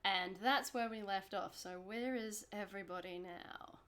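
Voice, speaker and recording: A woman's voice: medium pitch, moderate pace, fairly bright tone. A woman running a tabletop game over a call as game master, playful and laughing often.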